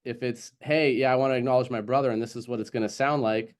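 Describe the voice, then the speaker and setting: A man's voice: mid-range voice, fairly even intonation, fast talker. Encouraging man hosting a video call. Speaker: community call host.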